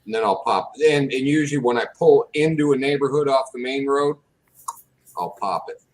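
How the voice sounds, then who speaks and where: A man's voice: mid-range voice, moderate pace, poor audio. Brief: man, mid-range voice, easygoing jokey co-host swapping stories. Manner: chatty, jokey reminiscing. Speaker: podcast co-host. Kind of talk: casual chat.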